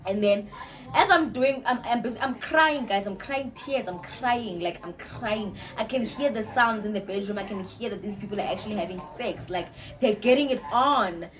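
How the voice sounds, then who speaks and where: Young woman, casual storytelling, animated, repeats herself. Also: mid-range voice, normal speed. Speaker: storytime vlogger.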